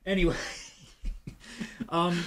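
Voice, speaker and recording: A man's voice: sits high, flat delivery, drawn-out words. A man from Canada hosting a casual podcast, telling a story in a rambling way and acting out the quotes. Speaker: podcast host.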